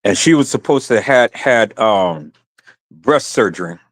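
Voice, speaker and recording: A man's voice: lowish voice, lively intonation, unhurried. Impassioned man ranting on a live stream. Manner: impassioned, repetitive, addresses viewers as "peoples".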